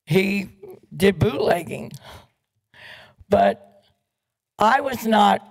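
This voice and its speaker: An upset woman addresses a city council during public comment, pressing her demands again and again. Her voice is heavily gravelly with fry and she speaks at a slow, deliberate pace. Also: medium pitch, expressive, rough recording. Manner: upset, pleading, repeats demands.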